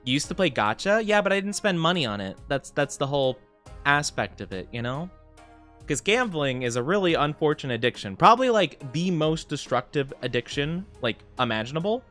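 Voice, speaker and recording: A chatty male streamer with a smooth, clear voice that sits a little high and swings widely in pitch. He rambles with plenty of "like"s and quick laughs and gasps excitedly when greeting viewers. Faint game music plays underneath. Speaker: VTuber streamer reading chat. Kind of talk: casual livestream chat while gaming.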